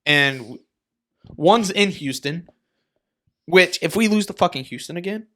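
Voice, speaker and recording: A man's voice: sits high, expressive, measured pace, fairly bright tone. A young man co-hosting a podcast, chatting casually about football, swearing a lot and laughing often. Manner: profane, joking, laughs often. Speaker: podcast co-host. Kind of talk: casual chat.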